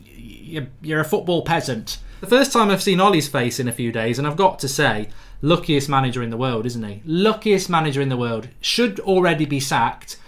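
Blunt, ranting football fan. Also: male voice, a little high, lively intonation, normal speed, fairly bright tone. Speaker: football fan stream host. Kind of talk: live fan reaction stream.

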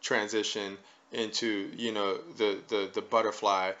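A man with a lowish voice rambles through a casual chat, tagging his points with a questioning "right?" over and over. The recording sounds dull and lo-fi, as if captured on modest home gear. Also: little pitch movement, measured pace, a bit bright. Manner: rambling, peppers lines with "right?". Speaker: podcast host.

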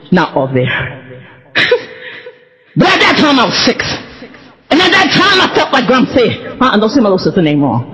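A woman telling a personal story in a testimony style, laughing often and talking in an animated, emotional way. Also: a little high. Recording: dull echoey hall sound.

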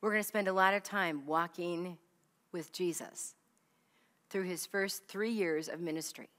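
A woman's voice: on the low side, measured pace, a bit bright. A woman Bible teacher leading a study for a live group, stressing and repeating key phrases and quizzing her listeners. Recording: long reverb of a hall.

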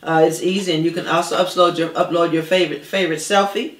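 A woman's voice: lowish voice, fairly even intonation, fast talker. Roomy, distant woman host, filler-heavy. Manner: warm affirming, many fillers and uh's. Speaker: talk show host. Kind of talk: casual interview chat.

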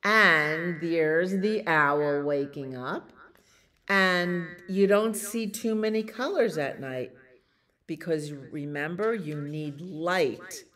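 A woman librarian reading a bedtime picture book aloud to children, gently and animatedly. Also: low voice, slow pace.

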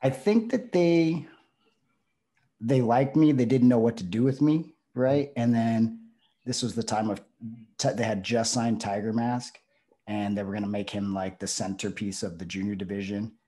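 A man's voice: fairly low pitch, moderate pace, warm tone. A male pro wrestler talking casually as an interview guest, rambling with lots of fillers and restarts.

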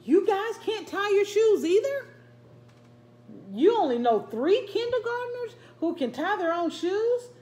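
A woman's voice: extremely high pitch, very animated, measured pace, dark tone, voice pushed up, heavily acted. A woman reading a picture book aloud, voicing an anxious little girl about to start kindergarten. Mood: surprised. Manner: worried, then relieved, read-aloud character voice. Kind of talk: storybook read-aloud.

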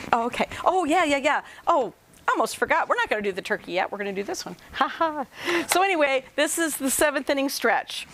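A woman's voice: a little high, a bit bright, low-quality recording. A woman giving a home cooking demonstration in a kitchen, talking to viewers in a chatty, folksy and playful way.

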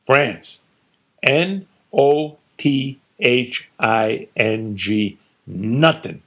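A man's voice: mid-range voice, animated, moderate pace. A man voicing a blustering, combative older father who rants emphatically and scornfully, in a story he reads aloud. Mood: ranting. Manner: loud, emphatic, scornful ranting. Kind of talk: storytelling reading with character voices.

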